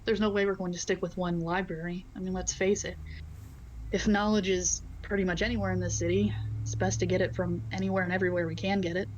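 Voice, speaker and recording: A woman's voice: lowish voice, little pitch movement, quick pace, lo-fi sound. A woman playing a tabletop game, chatting casually and laughing often. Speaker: player. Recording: faint background noise.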